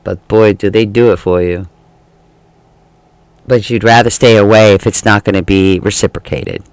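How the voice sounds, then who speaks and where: A man's voice: lowish voice, steady tone, moderate pace, smooth, dry recording. A man giving a casual tarot reading, chatty and laughing often, acting out the feelings he describes. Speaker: tarot reader.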